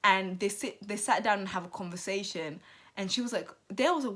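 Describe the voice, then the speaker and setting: A woman giving animated, sassy commentary on a reality TV show, talking straight to her viewers with emphatic asides. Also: medium pitch, brisk. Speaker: TV commentary vlogger.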